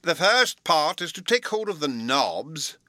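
A fussy, absent-minded old professor lectures in a slow, high, pompous storybook voice, as a man reads him. The tone is bright and it swings up and down a lot. The sound is dry and close, with no room around it. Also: big pitch swings, no room sound, exaggerated voice. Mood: pompous lecturing. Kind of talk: storybook reading.

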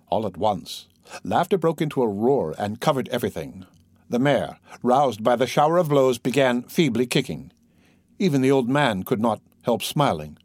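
Expressive storytelling marks this man's audiobook narration, delivered in a mid-range voice at a moderate pace. The studio sound is clean and has no echo.

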